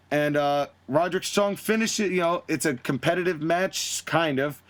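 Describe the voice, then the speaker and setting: Lively higher-voiced man recapping wrestling. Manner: animated storytelling, acting out quotes in shifting voices. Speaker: podcast host. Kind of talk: casual recap of a fantasy wrestling booking.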